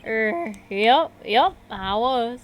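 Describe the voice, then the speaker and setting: A woman's voice: fairly high pitch, expressive, faint music behind. A woman doing a stammering old shopkeeper. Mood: hesitant. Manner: halting, stammering. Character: hesitant old male boat-rental shop owner.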